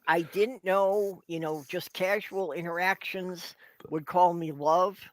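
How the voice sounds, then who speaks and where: High-pitched man from Minnesota. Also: fairly even intonation, slow, a bit bright, no room sound, low-quality recording. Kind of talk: casual group chat.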